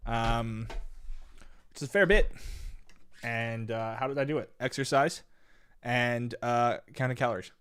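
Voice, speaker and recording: A young man from Canada, chatting casually as he streams chess, rambling and swinging between low mumbles and loud exasperated bursts. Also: unhurried, pauses often, smooth. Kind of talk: casual live-stream chat.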